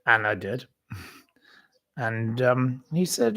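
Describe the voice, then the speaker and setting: On a casual livestream, a channel host speaks in a mid-range, slightly bright voice, going a little slowly. He rambles through an anecdote for his viewers, stumbling over fillers and starting sentences over.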